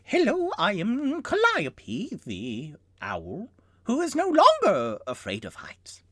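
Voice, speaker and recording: A man doing a breathy high owl. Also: wildly swooping pitch, takes it slowly, dry recording, heavily acted. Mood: proud. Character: brave female owl, formerly afraid of heights.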